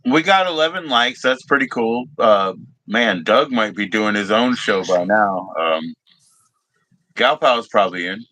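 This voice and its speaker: A man chats on a live stream over a phone call, teasing his co-host and cracking jokes. His voice is bright and forward. The sound is dry and close. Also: lowish voice, animated, unhurried, dry recording. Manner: joking, teasing, laughs often. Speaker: livestream co-host. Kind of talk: casual chat.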